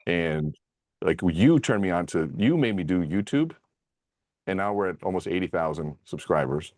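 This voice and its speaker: A man speaking as an interview guest, telling stories in an excited, animated way. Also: deep voice, moderate pace, no echo. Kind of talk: conversational interview.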